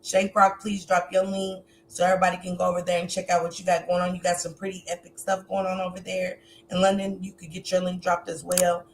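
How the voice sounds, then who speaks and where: A woman's voice: lowish voice, level tone, fairly quick, slight background noise. A woman hosting a livestream, talking straight to her viewers in an emotional, preaching way. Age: adult with a grown son. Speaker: livestream host. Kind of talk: casual livestream commentary.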